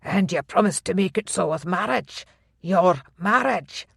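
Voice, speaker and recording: An audiobook narrator voicing a gruff older Highland laird with a Scottish accent, blustering and defensive. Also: expressive, a little slow, a bit bright, no echo, clean studio sound, exaggerated voice. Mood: indignant.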